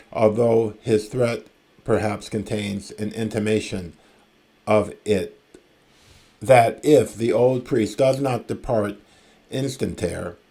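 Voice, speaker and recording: Male classics lecturer, deep-ish voice, very slow, measured reading of ancient verse. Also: vocal fry, warm tone. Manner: measured, reads verse aloud slowly, with casual asides and fillers. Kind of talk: recorded lecture reading and explaining ancient Greek.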